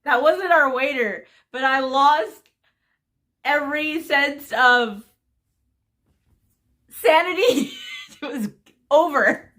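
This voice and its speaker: A young woman vlogs to her viewers in a casual, storytelling way. Her voice is bright and a touch high, and she talks in a giggly, gushing rush. She sounds animated and carried away by her own story. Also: takes it slowly, long pauses. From United States. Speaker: vlogger.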